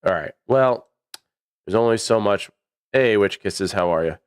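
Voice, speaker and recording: A man with a baritone voice giving chatty, rambling livestream commentary on a match, with many fillers. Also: a little slow, clean tone, no echo, clean studio sound. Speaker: esports commentator.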